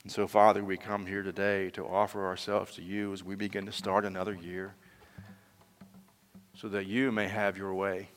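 A man's voice: low voice, level tone, normal speed, big-room sound. A male pastor preaching a sermon, telling a story with emphatic peaks and closing in prayer.

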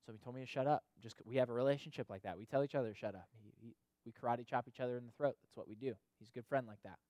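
A man's voice: mid-range voice, racing, darkish tone, no room sound. Guy preaching kinda casual, keeps saying right?, repeats stuff, dry close sound. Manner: conversational preaching, frequent "right?" tag questions and repetitions. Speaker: pastor or youth leader. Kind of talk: sermon.

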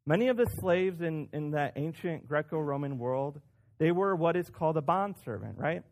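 A man's voice: a little high, animated, normal speed, a little mellow. Conversational male pastor preaching. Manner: conversational, self-deprecating, with frequent restarts and emphatic rises. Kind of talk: sermon.

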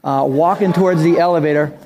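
A man's voice: on the high side, brisk, darkish tone, a little hiss or hum. A male pastor giving a conversational sermon, acting out the dialogue in his stories. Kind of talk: sermon with personal story.

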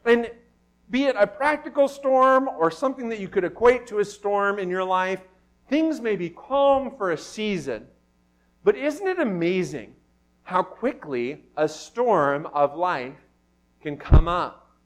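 A man preaching a sermon as pastor, moving between quiet reflection and loud, emphatic questions. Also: sits high, expressive, a little slow.

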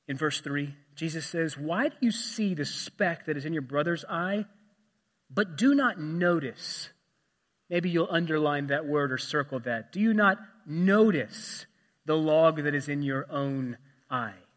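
A man delivers a sermon in a church sanctuary. His pitch sits high for a man, and his voice rings out with long hall reverb. He swings between loud, emphatic passages and quiet, hushed asides. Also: animated, measured pace. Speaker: pastor.

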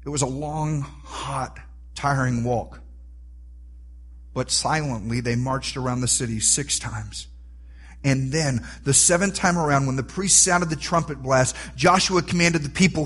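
A man preaching a sermon, animated and rising to near-shouts for emphasis. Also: mid-range voice, a little slow. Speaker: pastor.

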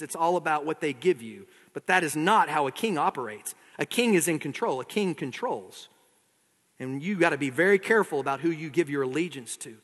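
A male pastor preaching in a relaxed, conversational way, stopping to read long passages aloud. His voice sits a little high for a man. It rings with the long reverb of a large church sanctuary. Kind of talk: sermon.

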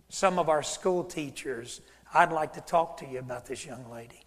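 A man's voice: fairly high pitch, moderate pace. A man pastor, preaching a sermon and acting out both sides of a conversation as he tells a story. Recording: church hall reverb.

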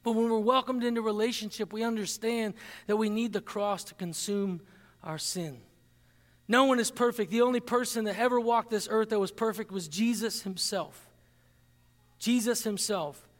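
A man preaching a sermon as pastor, earnest and emphatic, slowing down to stress key phrases. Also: high voice, in a large hall.

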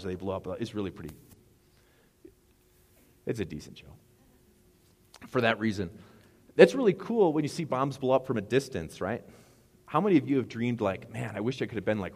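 A man's voice: on the low side, darkish tone, in a large hall. A middle-aged man preaching a sermon as pastor, rambling and conversational with asides.

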